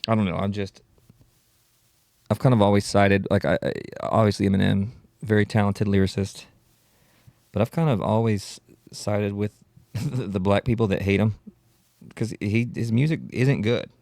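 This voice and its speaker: Gravelly rambling podcast host man. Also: on the low side, fairly even intonation, normal speed, a little mellow, dry recording. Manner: rambling, profane, self-interrupting. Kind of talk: solo comedy podcast rant.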